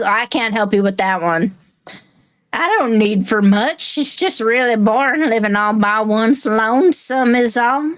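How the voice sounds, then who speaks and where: Brief: wheedling elderly female visitor, slow drawl woman voicing. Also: on the high side, fairly bright tone. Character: lonely old woman visitor calling people dearie.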